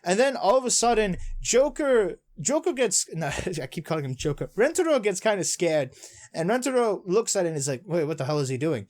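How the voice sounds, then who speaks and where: A man casually recapping and reacting to a manga chapter, rambling excitedly with lots of fillers. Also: sits high, fairly quick. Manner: excitable, rambling, many fillers, retells scenes with "he's like". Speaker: manga reviewer.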